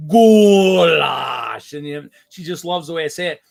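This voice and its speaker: A man hosting a relaxed live-stream chat with a fairly high voice. He rambles, trails off and restarts his thoughts as he goes, in an easygoing, casual way. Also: rapid-fire. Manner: rambling, restarts sentences often. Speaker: host.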